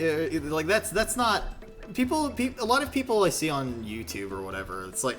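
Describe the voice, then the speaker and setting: A man talks casually while streaming a video game. He rambles and pokes fun at himself, and his bright voice moves freely up and down. Faint music plays behind him. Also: mid-range voice, sing-song, normal speed. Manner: rambling, self-deprecating, swears freely. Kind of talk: casual gaming stream commentary.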